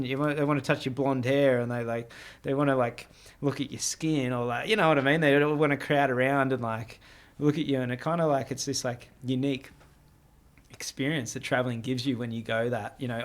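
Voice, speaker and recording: Relaxed rambling male podcast host. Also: medium pitch, brisk. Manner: reflective, rambling, many fillers. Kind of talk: casual conversational interview.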